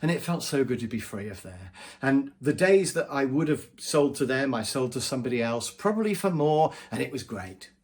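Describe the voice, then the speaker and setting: Man, trainer, talking to camera, lively intonation, mid-pitched voice. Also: moderate pace. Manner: conversational, acts out quoted voices. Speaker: business trainer. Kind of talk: direct-to-camera advice vlog.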